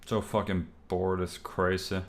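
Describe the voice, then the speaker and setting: A man's voice: sits low, level tone, measured pace. A young man streaming on his own, rambling and exasperated, full of fillers and restarts. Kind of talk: casual solo stream talk.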